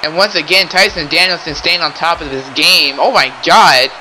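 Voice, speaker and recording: Young guy calling a wrestling match, bright excited voice, keeps yelling, faint hiss behind. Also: on the high side, moderate pace, low-quality recording. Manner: excitable, keeps exclaiming and saying ladies and gentlemen. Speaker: wrestling commentator. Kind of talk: play-by-play commentary.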